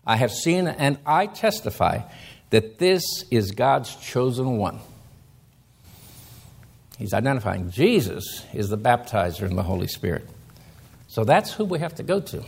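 A man preaching a sermon, reading scripture slowly and then explaining it with emphatic rises in his voice. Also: mid-range voice, sing-song, creaky, husky.

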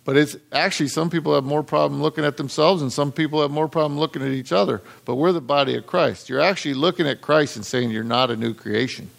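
Gravelly-voiced man preaching a sermon. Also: fairly high pitch, fast talker, few pauses. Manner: conversational, repeats words, quotes scripture. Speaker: pastor.

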